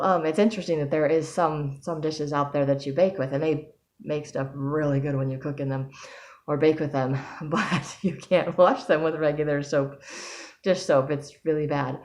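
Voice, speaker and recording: Low-voiced chatty woman vlogging. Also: darkish tone. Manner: chatty, rambling, frequent ums and restarts. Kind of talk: casual personal vlog.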